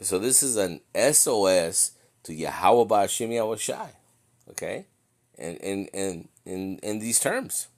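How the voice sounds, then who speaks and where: A man teaching scripture in an informal, conversational way, slowing down to read verses aloud and often checking in with his listeners. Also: fairly low pitch, big pitch swings, a little mellow. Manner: conversational, checks in with "okay?" and "right?". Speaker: bible teacher.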